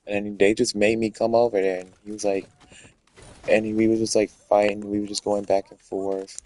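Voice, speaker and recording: A man's voice: on the low side, little pitch movement, moderate pace, a little mellow, low-quality recording. A man telling a rambling, profane story in a casual rant.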